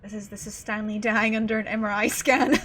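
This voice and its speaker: A woman's voice: mid-range voice, level tone, fairly quick, fairly bright tone, a little hiss or hum. A young woman streaming a game from home, chatting casually, giggling and swearing freely as she plays. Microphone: desk mic.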